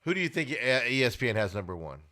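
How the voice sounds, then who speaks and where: A man hosting a sports podcast, giving opinionated casual commentary and getting loud and high when worked up. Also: sing-song, very fast. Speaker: podcast host. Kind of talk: casual sports talk monologue.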